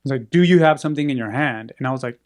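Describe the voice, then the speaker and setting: A man's voice: medium pitch, very fast. A man telling a story in casual chat, acting out the people in it. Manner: animated, acts out quoted voices.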